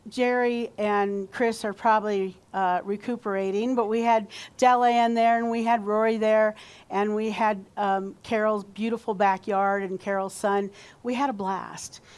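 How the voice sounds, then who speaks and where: Slow-spoken woman pastor preaching. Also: fairly high pitch. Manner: warm conversational preaching, leads call-and-response. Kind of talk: sermon. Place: church sanctuary.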